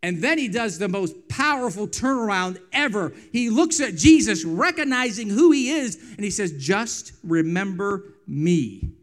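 A man with an extremely high-pitched, animated voice delivers a sermon as pastor, shifting from loud emphasis to hushed quiet, drawing out his phrasing and repeating refrains.

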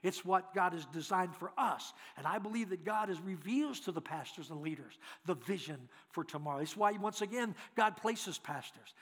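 A man preaching as a guest speaker, telling folksy stories in an animated way and acting out voices. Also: high-pitched, moderate pace, few pauses, big-room sound. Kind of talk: storytelling sermon.

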